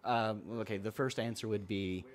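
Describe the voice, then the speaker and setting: A man's voice: lowish voice, fairly even intonation, normal speed. A man co-hosting a casual podcast chat, often stammering and repeating words as he starts his sentences. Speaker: podcast co-host.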